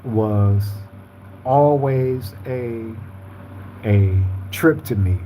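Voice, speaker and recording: Male live-stream host, easygoing street talk, warm low tone, light noise underneath. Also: drawn-out words, low-quality recording. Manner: laid-back, streetwise slang, frequent "you feel me". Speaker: podcast host reading viewer comments. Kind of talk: casual live-stream chat.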